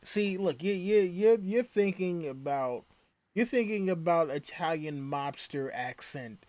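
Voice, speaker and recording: A man chatting at the table in a slightly high voice. He rambles and circles back, stumbling over his words as he goes. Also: lively intonation, measured pace, a little mellow, dry recording. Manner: rambling, full of restarts and laughter. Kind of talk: casual table chat.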